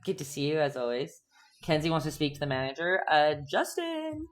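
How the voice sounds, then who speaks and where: Brief: young woman, low voice, playful live-stream painting teacher, chatty with her viewers. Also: sing-song, fairly quick, faint music behind. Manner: chatty and playful, reads out chat, giggles often.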